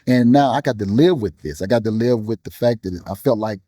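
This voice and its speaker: A man in an interview speaks with grief about his loss, earnest and preacherly, repeating himself as he searches for words. His voice is warm and mellow, and the sound is dry and close. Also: on the low side, no room sound. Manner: earnest, preacherly, with pauses and repetitions. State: grieving. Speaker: guest musician and bishop. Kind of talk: emotional interview talk.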